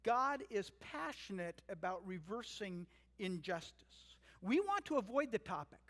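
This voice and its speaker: Pastor, male, high voice, earnest emphatic sermon delivery, church sanctuary with long reverb. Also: big pitch swings, unhurried, a bit bright. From Canada. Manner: earnest, emphatic preaching with storytelling asides.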